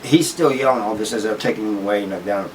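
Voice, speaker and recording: A man's voice: lowish voice, fast, distant mic, a little hiss or hum, rough recording. A man hosting his own channel, casually telling a story with many restarts and asides. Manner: rambling, with frequent restarts and "you know" asides. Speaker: channel host telling prison stories.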